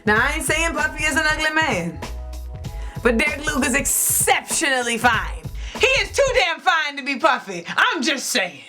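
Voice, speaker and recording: A sassy woman hosting a casual vlog with a fairly high voice. She speaks candidly and uses slang. Faint music plays behind her. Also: very animated, normal speed, bright, forceful tone. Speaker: host.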